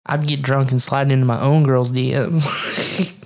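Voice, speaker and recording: A man's voice: medium pitch, steady tone, unhurried, gravelly. A young man co-hosting a casual, profane chat, laughing often and acting out what others said. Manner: laughs often, acts out quoted lines.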